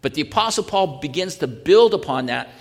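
Male pastor, slightly high voice, earnest sermon full of rhetorical questions, recorded with a long hall echo. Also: animated, fairly quick, vocal fry.

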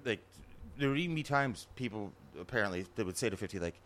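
A man's voice: fairly low pitch, expressive, fast, a bit bright. A man co-hosting a podcast, chatting casually, rambling with restarts and steering back to his point. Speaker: podcast co-host. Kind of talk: casual chat.

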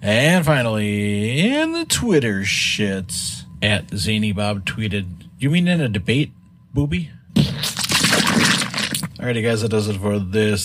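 A man hosting a comedy segment where he reads tweets aloud in a brisk, mocking way, chuckling along. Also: fairly low pitch, big pitch swings. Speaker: segment contributor reading tweets. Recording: noisy separate recording.

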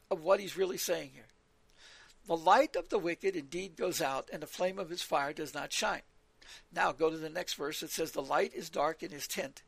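Gravelly, husky-voiced male preacher. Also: sits high, dry recording. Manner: earnest, repeats words, quotes scripture aloud. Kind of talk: sermon-style Bible teaching.

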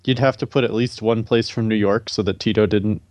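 A man's voice: on the low side, fairly even intonation, brisk, a little mellow, no room sound. Man, podcast guest, casual chat, short wry remarks, dry close sound.

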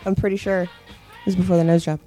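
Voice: mid-range voice, little pitch movement, fast talker, dark tone, soft background music. A co-host in a casual podcast chat who laughs easily and drops in short remarks.

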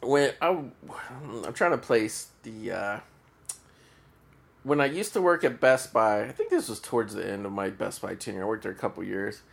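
A man's voice: on the low side, moderate pace, vocal fry. A man hosting a solo podcast, telling a story in a rambling, profane way with many restarts. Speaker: podcast host.

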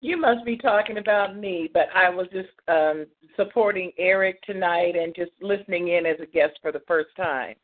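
A woman's voice: lowish voice, normal speed. A woman calling in to a radio show, friendly and easygoing. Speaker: caller. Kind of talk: casual phone call. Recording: phone-line audio.

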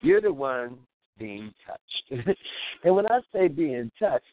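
A man's voice: mid-range voice, sing-song, slow pace. Laughing man rambling on a tinny line. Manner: laughs often, acts out scenes in quoted voices. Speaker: radio show host. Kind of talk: casual comedic monologue. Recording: tinny phone-line call-in audio.

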